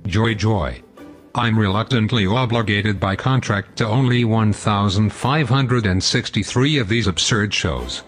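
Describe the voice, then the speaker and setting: A man's voice: fairly low pitch, a bit bright. A man hosting a scripted comedy show, pompous, long-winded and sarcastic. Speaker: host.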